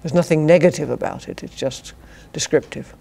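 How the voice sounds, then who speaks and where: This older woman from Britain, a philosophy professor, delivers an academic lecture to a university society at a brisk clip. Her low British English voice is warm yet gravelly and slightly rough, with lively intonation, dry wit, and chuckled asides.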